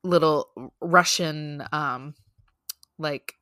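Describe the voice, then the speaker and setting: A woman co-hosting a podcast in a relaxed, chatty way, leaning on fillers as she goes. Her voice sits a little low but sounds bright and forward. The sound is dry and close. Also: extremely slow, no echo. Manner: chatty, laughs often, loose fillers. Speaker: podcast co-host. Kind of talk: casual news chat.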